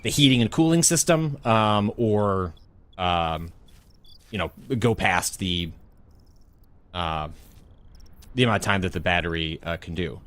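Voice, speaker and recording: A man's voice: low voice, expressive, measured pace, long pauses, fairly bright tone. A man, a podcast co-host, talking in a rambling casual way with many fillers and restarts. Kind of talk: casual chat.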